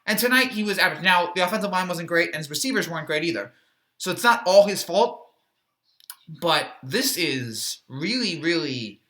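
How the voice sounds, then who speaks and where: A man's voice: high-pitched, very animated, moderate pace, sharp tone. A man giving a rambling, opinionated football recap, full of fillers and restarts, with a sarcastic streak. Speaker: sports reaction YouTuber. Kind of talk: casual football recap monologue.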